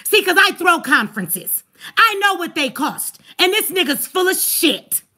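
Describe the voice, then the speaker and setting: A woman hosting a livestream, ranting angrily and profanely at her chat with rapid rhetorical questions. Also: extremely high pitch, big pitch swings, pushed and bright. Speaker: livestream host. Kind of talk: heated livestream rant.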